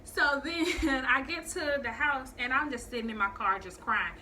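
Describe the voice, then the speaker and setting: A young woman tells a storytime to her viewers, animated and profane, slipping into the voices of the people she quotes. Her voice is bright and sits a little high. A faint hiss runs under the recording. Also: normal speed. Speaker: vlogger telling a story. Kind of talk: casual storytime vlog.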